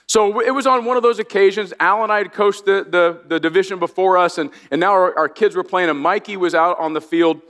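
Middle-aged male pastor from Indiana; high-pitched, chatty storyteller preaching in a large echoing sanctuary. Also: fairly quick, hardly any pauses, a bit bright. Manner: storytelling, self-deprecating, many restarts. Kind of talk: sermon. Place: large church auditorium. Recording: long reverb of a large church.

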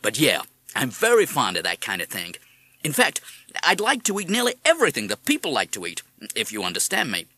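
A man's voice: mid-range voice, wildly swooping pitch, brisk, pushed and bright, dry recording, exaggerated voice. A man voicing a chatty, polite male pet parrot with a folksy, courteous drawl in a storybook reading.

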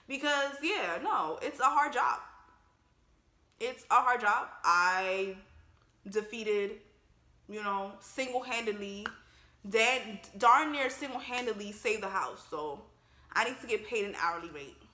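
A woman hosting a casual movie reaction, talking with animated slangy asides and frequent laughter. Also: mid-range voice, takes it slowly, roomy sound.

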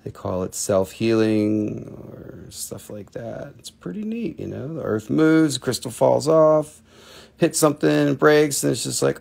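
Gravelly chatty man selling crystals. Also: medium pitch, expressive, measured pace, darkish tone. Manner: chatty, jokey, plays with a put-on accent. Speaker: host of a live crystal sales show. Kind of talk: casual live-stream selling.

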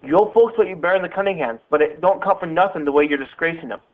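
A man voicing a stern older woman housekeeper who scolds a child in a sharp dialect, with a tinny phone-like sound. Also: a little high, fast talker, close to an everyday voice. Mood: scolding.

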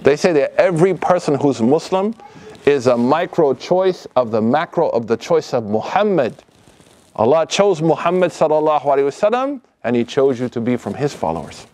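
A middle-aged man giving an informal religious lecture to youth in a mosque hall, talking in lively, casual street slang and acting out the voices of people in his stories. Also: a little high, normal speed. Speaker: lecturer at a youth study circle. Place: mosque hall, live audience.

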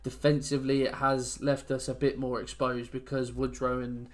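A young English gaming YouTuber gives loose, rambling commentary over a football video game at a moderate pace. His mid-pitched voice shifts from low, glum muttering to loud, excited outbursts depending on how the match goes.

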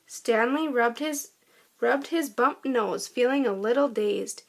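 A woman reading a children's storybook aloud in a gentle, expressive way. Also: a little high, slow pace, gravelly. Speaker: storybook narrator.

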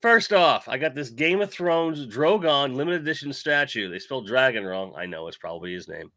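A man's voice: medium pitch, animated, fairly quick, few pauses, pushed and bright, dry recording, clean studio sound. A man hosting a casual toy-collecting live stream, with a sick voice while he recovers from covid, rambling and joking as he reads chat. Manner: rambling, self-deprecating, reads chat aloud. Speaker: toy channel host.

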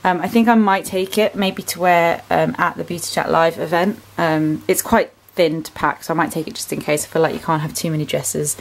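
A woman's voice: low voice, fairly even intonation, fairly quick, vocal fry, few pauses, poor audio. A woman in her twenties with an English accent, chatting casually in a vlog at home, rambling with plenty of ums and likes as she shows her clothes. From England. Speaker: vlogger. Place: bedroom at home.

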